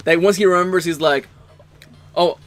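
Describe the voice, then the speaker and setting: A man co-hosting a let's play, reading the game's narration aloud with quick joking asides. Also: mid-range voice.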